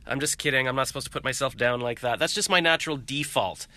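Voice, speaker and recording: Speaking fast with a medium-pitched, sharp voice, this man vlogs casually from his house. He's a vlogger and voice actor, and he wanders through his thoughts while joking at his own expense.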